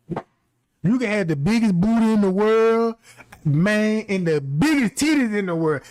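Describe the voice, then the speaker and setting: A man with a high, country-sounding voice rants brashly and profanely on his stream. His pitch leaps around constantly. The sound is dry and close. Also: dry recording. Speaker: livestream host. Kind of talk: casual ranting commentary.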